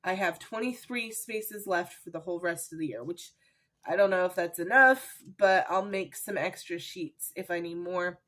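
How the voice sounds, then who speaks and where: A woman's voice: on the low side, moderate pace, a bit bright. Chatty woman reviewing a book. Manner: chatty and emotional, with fillers. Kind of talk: casual book review vlog.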